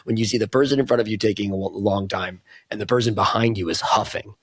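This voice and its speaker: A man co-hosting a podcast, chatty and emphatic, quick to agree and to tell small stories of everyday moments. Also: fairly low pitch, steady tone, husky, no room sound. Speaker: podcast co-host. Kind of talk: casual podcast conversation.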